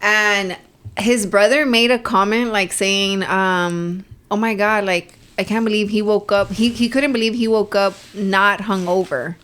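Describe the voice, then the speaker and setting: A woman's voice: medium pitch, steady tone, measured pace, a bit bright, smooth. A woman co-hosting a casual podcast, chatting and dropping in Spanish phrases. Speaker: podcast co-host. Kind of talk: casual chat.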